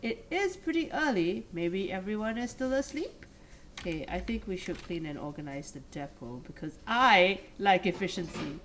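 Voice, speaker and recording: A chatty woman streamer reads a story game aloud and jokes about her own mistakes. Her pitch sits in the middle of the range, with a faint hiss in the background. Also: animated, moderate pace. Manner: chatty, laughs at herself. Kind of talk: reading game text aloud with commentary.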